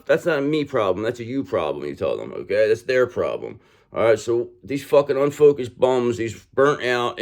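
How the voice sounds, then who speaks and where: A man's voice: medium pitch, darkish tone. A man giving a casual, emphatic tarot reading to his viewers. He repeats "okay?" constantly and swears freely. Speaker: tarot reader.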